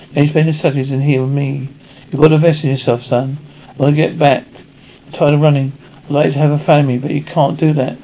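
A radio reader with a slightly high voice reads a television episode script aloud, voicing every part himself in a flat read-through. The recording is dull and a bit lo-fi, with faint hiss.

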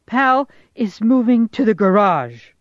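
A woman's voice: a little high, very animated, takes it slowly, no room sound, muffled recording, pitched above the performer's own voice. A woman voicing a firm, practical mother aardvark in a storybook reading, giving orders.

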